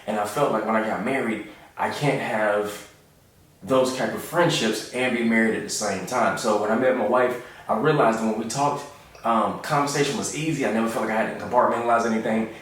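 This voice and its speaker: A man in his thirties, a comedian telling stories in a relaxed, joking way and acting out the voices of the people in them. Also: fairly low pitch, fairly quick, very echoey, far from the mic. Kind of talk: casual storytelling monologue.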